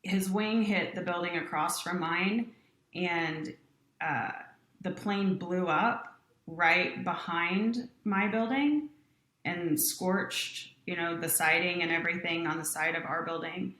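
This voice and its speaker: A woman guest recounts a personal story with earnest, animated delivery. Her voice sits low yet sounds bright and forceful. The room around her carries a noticeable echo. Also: slow pace. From Utah. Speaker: company president, guest.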